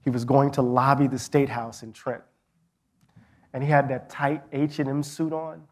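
A middle-aged professor, appearing as a guest in a live onstage conversation, tells a story with passion, restarting his sentences often. His voice is mid-range and level in tone, at a moderate pace.

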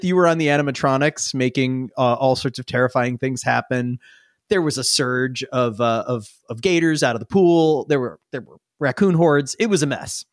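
A man's voice: on the high side, no room sound, studio quality. A man narrating a tabletop game as game master, rambling and amused. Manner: rambling, amused, with many restarts.

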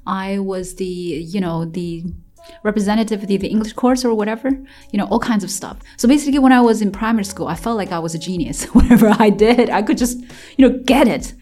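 In an interview, a woman from China recalls her childhood in a mid-range, warm voice at a brisk pace. Her personal story is full of fillers and restarts, and she sometimes laughs, even while recounting hard memories.

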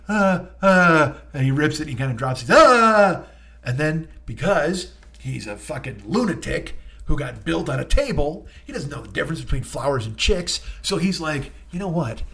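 A man hosting a comedy podcast, telling a profane, excitable monologue and breaking into voices. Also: mid-range voice, fast talker, gravelly, husky. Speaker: podcast host.

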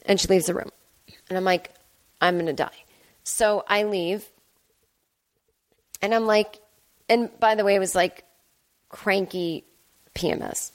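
A woman's voice: medium pitch, fairly even intonation, a little slow, pauses often. A woman hosting her own podcast, telling a comic story in a self-deprecating way and acting out both sides of the conversation. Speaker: podcast host. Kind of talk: solo comedic storytelling. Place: home apartment.

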